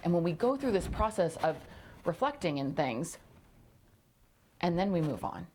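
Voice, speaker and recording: A woman's voice: fairly low pitch, sing-song, moderate pace, pauses often, warm tone, slight background noise. A woman hosting a motivational solo podcast, talking emphatically and repeating phrases for punch. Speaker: podcast host.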